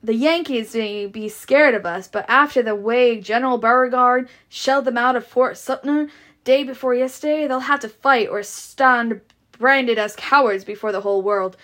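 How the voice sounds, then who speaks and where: A woman's voice: a little high, normal speed, a bit bright, natural voice. A woman reading the lines of an easygoing young Southern man in her own voice, with no real accent. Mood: eager.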